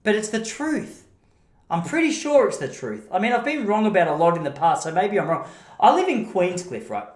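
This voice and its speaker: A man's voice: high voice, very animated, normal speed. An Australian man talks through his opinions in a blunt, rambling solo podcast monologue. He swears casually. His voice rings in a noticeably echoey room. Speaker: podcast host.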